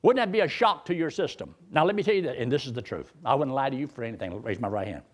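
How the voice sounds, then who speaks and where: A man's voice: mid-range voice, expressive, fast. A male pastor, preaching a sermon in a folksy, joking storyteller's way.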